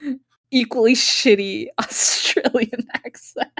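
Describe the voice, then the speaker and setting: A woman's voice: fairly high pitch, slow, a bit bright, husky, dry recording, clean studio sound. A tipsy woman chatting casually, giggling often and swearing freely. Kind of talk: casual chat.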